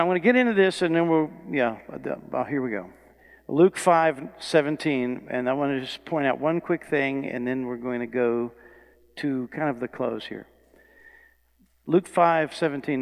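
A man preaching a sermon, reading scripture quietly and then building to loud, fervent passages. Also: mid-range voice, long reverb tail.

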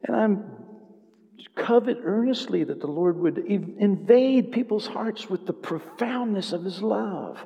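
Speaking a little slowly, a married pastor with a high, creaky voice and lively intonation preaches to his congregation inside a reverberant church sanctuary with a long hall echo. His sermon moves from conversational appeals, repeated to the congregation, into passionate, loud exhortation.

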